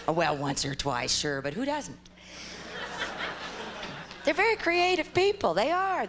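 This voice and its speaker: A young woman from Ohio doing stand-up on a live stage, her voice swooping up and down as she exaggerates her stories. She performs with lively, theatrical timing, and a faint hiss sits under the recording. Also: a little high. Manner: animated, exaggerated storytelling. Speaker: stand-up comedian. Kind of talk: stand-up comedy set.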